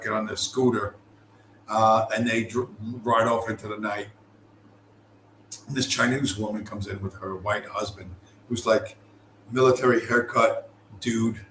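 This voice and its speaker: A middle-aged American podcast host with a lowish, fairly bright voice rambles through a long, profane story in easygoing talk. His speech is full of fillers and restarts, and the recording has a roomy sound with faint noise.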